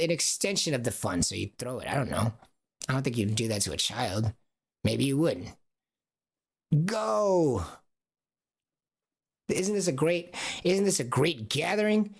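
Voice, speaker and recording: A man rambles through a casual livestream monologue and keeps asking rhetorical questions. His voice is gravelly and husky, at a middle pitch. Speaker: streamer.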